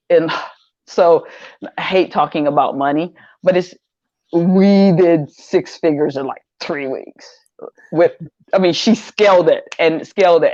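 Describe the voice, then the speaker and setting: In an interview, an older female online seller rambles through her story with repeated words, becoming animated when quoting people. Her voice is fairly low, the sound has no room echo, and the highs are cut off.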